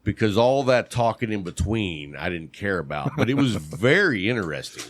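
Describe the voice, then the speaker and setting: A man's voice: fairly low pitch, very animated, normal speed. A man co-hosting a casual podcast chat, quizzing his partner on terms and calling out right answers with playful exclamations. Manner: playful quizmaster, shouts "bam" on right answers.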